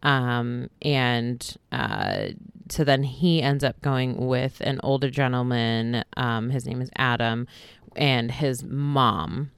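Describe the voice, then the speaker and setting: A woman's voice: very deep voice, lively intonation, slow pace, gravelly, clear, resonant tone, no echo. A woman co-hosting a casual podcast chat, rambling with lots of likes and ums. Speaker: podcast co-host.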